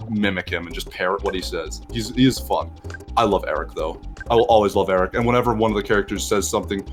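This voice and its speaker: Low-voiced man chatting casually over a game. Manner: rambling, enthusiastic, swears casually. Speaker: co-host. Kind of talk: casual chat over gameplay.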